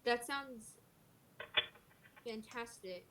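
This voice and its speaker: A woman's voice: fairly high pitch, drawn-out words, fairly bright tone, slight background noise. A young woman playing a tabletop game with friends, playful and teasing. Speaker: player. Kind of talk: casual tabletop game chat.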